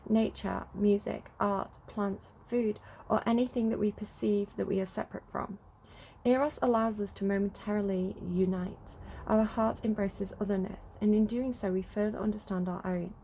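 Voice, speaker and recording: A woman's voice: medium pitch, steady tone, normal speed, creaky, warm tone, slight background noise. A young adult woman giving a casual tarot reading, rambling and correcting herself as she reads card text aloud. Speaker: tarot reader.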